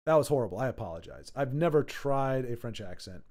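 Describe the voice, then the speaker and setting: A man's voice: medium pitch, expressive, a little fast, few pauses, darkish tone. Rambling chatty male streamer. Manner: rambling, chatty, reads chat messages aloud. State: voice a little worn. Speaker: livestream host. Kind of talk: casual livestream chat.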